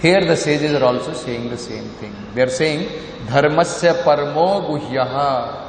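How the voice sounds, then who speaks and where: A man's voice: on the high side, a little slow. Emphatic Indian man preaching in an echoey hall. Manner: emphatic, asks rhetorical questions and repeats points. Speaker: lecturer of scripture. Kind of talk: sermon. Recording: echoey hall with faint noise.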